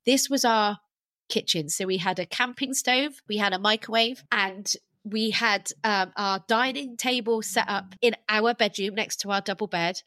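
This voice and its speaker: A woman, a podcast guest and life coach telling her own story candidly over a video call, animated and self-deprecating. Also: mid-range voice, moderate pace, dry recording. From England.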